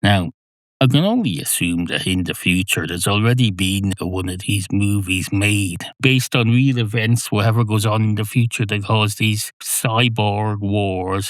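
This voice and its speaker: A man's voice: lowish voice, dry recording. A man hosting a solo podcast, talking in a wry, digressive, self-mocking way. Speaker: podcast host. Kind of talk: solo rambling monologue.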